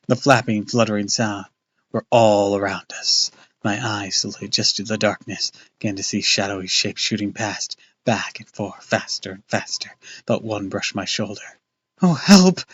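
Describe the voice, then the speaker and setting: A man's voice: lowish voice, fairly bright tone, husky, dull audio. A man casually reading a book aloud on a live stream, loose and off-hand, with crude asides.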